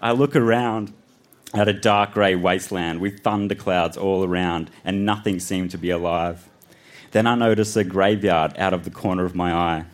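A man reading his childhood horror story aloud on a live festival stage, deadpan between laughs. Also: deep voice, moderate pace. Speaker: reader on a live storytelling show.

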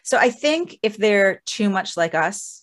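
A woman's voice: medium pitch, expressive, measured pace, a bit bright. A woman co-hosting a casual podcast chat, thinking aloud and often restarting and correcting herself. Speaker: podcast co-host.

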